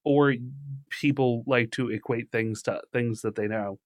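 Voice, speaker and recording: Podcast co-host, male, mid-pitched, reads news aloud with animated delivery, dry close mic. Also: moderate pace, no echo. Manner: animated, reads at length, laughs easily. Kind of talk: casual podcast chat, reading news articles aloud.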